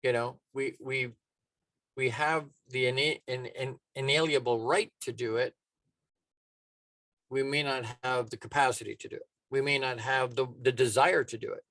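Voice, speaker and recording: A man's voice: mid-range voice, steady tone, moderate pace, fairly bright tone, no room sound. A man giving a motivational talk as a life coach, casual and emphatic, often restarting his sentences.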